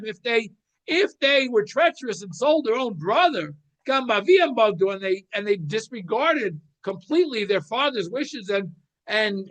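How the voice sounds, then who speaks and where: A man's voice: extremely high pitch, fairly bright tone. A man giving a weekly Torah class, reading Hebrew commentary and explaining it in English, acting out the pleading crowd in casual speech. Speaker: Torah teacher.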